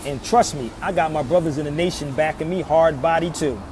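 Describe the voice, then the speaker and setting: A man's voice: fairly high pitch, brisk. A man from Philadelphia giving an impassioned outdoor monologue, emphatic and preachy, repeating his pleas over and over. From Philadelphia, USA. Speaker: social media commentator. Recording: outdoor traffic noise.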